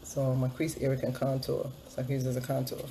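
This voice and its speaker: A woman's voice: rumbling low, completely flat delivery, quick pace, dark tone, slight background noise. A woman vlogger chatting through a makeup tutorial, upbeat and repeating a hype catchphrase as she explains each step. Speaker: beauty vlogger.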